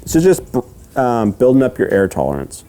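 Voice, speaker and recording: A man's voice: medium pitch, sing-song, mellow. Man patiently teaching a how-to lesson. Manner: patient, repeats steps, checks in with "okay?"; counts out rhythms slowly and sings the cadence. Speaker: duck calling instructor. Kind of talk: step-by-step instruction.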